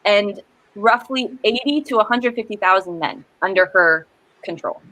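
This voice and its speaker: A woman's voice: medium pitch, moderate pace, sharp tone, rough recording. A young woman hosting a casual writing livestream over a video call, chatty and giggly. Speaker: host.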